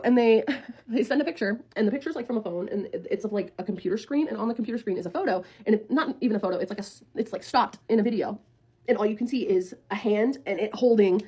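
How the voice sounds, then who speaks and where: A woman's voice: a little high, lively intonation, quick pace, mellow, slightly rough. A woman in her twenties telling a storytime to viewers in a casual, blunt way, swearing freely and talking like a friend.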